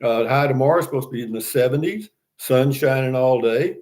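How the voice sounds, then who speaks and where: A man's voice: medium pitch, a little fast, a little mellow. An older man hosting a casual livestream, chatting in a folksy, rambling way and reading out viewer comments. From Texas. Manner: folksy, rambling, many fillers and restarts. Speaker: livestream host.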